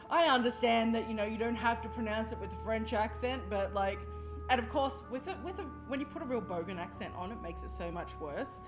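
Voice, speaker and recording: A woman streaming a video game, chatty and quick to laugh, with a playfully snobby streak. Her voice sits somewhat high. Game music plays clearly behind her. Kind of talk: casual game commentary.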